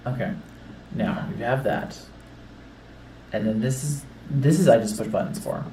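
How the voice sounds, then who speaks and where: A man hosting a casual livestream, talking a guest through a setup in quick, instructing bursts. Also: mid-range voice, noisy background. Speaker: livestream host. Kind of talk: casual behind-the-scenes setup chat. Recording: roomy distant mic with faint ambience.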